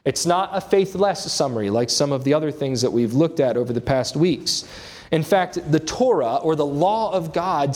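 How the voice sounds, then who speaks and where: A man's voice: fairly high pitch, a little mellow. A man preaching an expository sermon, earnest and emphatic, his voice rising on key points.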